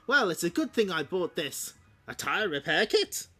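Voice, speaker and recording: A man's voice: high-pitched, sing-song, normal speed, pushed and bright, a little hiss or hum, exaggerated voice. A man voicing a dim, pompous old king from a cartoon comic, with fussy, posh delivery.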